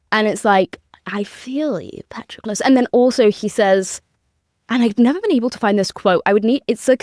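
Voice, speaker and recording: A woman's voice: mid-range voice, dry recording, clean studio sound. A young woman hosting a podcast, talking in a rambling, emphatic, confessional way, with lots of fillers and swearing. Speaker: podcast host. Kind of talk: casual confessional monologue.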